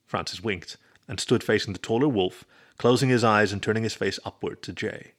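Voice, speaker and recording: A man reading a story aloud as narrator in a steady storybook manner. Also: fairly low pitch, a little fast. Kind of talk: scripted narration.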